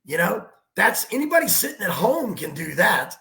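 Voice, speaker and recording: A man's voice: high-pitched, normal speed, vocal fry, roomy sound. A man, a basketball coach, telling stories and giving emphatic sports analysis on a talk show. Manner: animated storyteller, emphatic.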